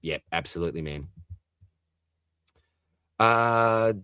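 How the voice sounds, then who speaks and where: Chatty young Australian man, low and dry. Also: slow, bright, forceful tone, clear, resonant tone, no echo. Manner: chatty, answers viewer comments one after another. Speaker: fantasy football livestream host. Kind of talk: late-night casual livestream chat. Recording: dry close microphone.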